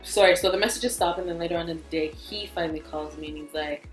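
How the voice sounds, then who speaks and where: Low-voiced woman, blunt storytime vlog. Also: fast. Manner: blunt, profane, fired-up storytelling. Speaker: vlogger. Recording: echoey room, faint music.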